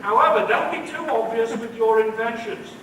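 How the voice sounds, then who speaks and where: A man's voice: very high-pitched, normal speed. A man giving a humorous commencement address as a professor, with a dry, witty delivery. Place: large indoor hall. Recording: echoey hall, distant mic, noisy.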